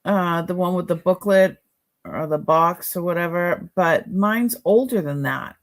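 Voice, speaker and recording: A woman with a Boston accent talks slowly and casually, thinking out loud as she looks over pieces of jewelry. Her voice sits a little low, and her delivery is relaxed and unhurried. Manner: chatty, musing aloud while examining items. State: sore neck. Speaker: live-sale jewelry seller. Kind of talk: casual live-stream chat.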